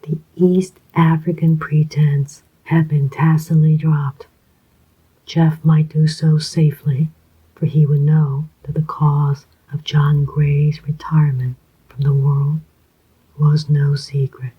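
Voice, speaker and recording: An audiobook narrator reading a thriller aloud in a slow, even, hushed whispered role-play. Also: medium pitch, slightly rough. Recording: dull lo-fi recording.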